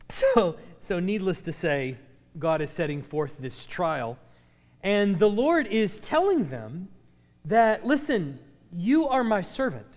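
A man teaching a Bible class who reads verses dramatically and often repeats words as he restarts. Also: high-pitched. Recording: long hall reverb.

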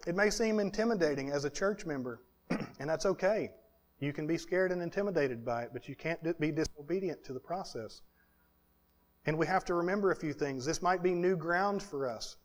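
A male pastor delivering a sermon in a fairly high voice. He speaks earnestly, stacking points in lists and repeating phrases, and sometimes drops to a hushed tone for emphasis. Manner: earnest, building in lists and repetitions.

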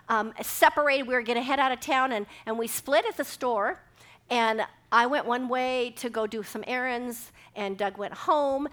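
A woman's voice: a little high, fairly bright tone. A middle-aged woman giving a sermon, telling a personal story and acting out the dialogue with animation. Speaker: speaker giving a devotional talk.

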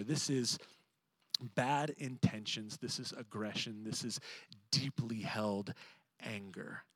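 A man preaching a sermon, moving between animated emphasis and hushed, reflective passages. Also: a little high, no echo. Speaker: pastor.

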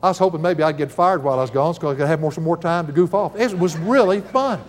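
Older man, folksy preacher, higher voice, long reverb around him. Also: quick pace. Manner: folksy, chuckling storyteller. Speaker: Bible teacher. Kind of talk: sermon with personal stories.

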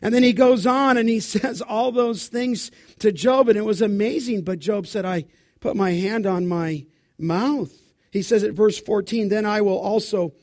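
A man preaching a sermon as pastor, asking the congregation questions and answering them himself, and reading scripture dramatically, with his voice rising loud for the quotes. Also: sits high, dry recording, studio quality. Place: church.

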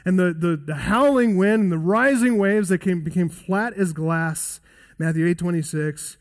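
Earnest high-voiced male preacher. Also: moderate pace. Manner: earnest expository preaching, varies pace for emphasis. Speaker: pastor. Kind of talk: sermon.

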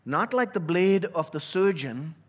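Earnest preaching man, somewhat high voice. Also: lively intonation. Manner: earnest, emphatic preaching that slows on key words. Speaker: pastor. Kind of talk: sermon.

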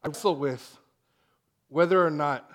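A man preaching a sermon to a congregation, animated and acting out the voices in his stories. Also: a little high, measured pace. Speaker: pastor. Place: church hall with congregation.

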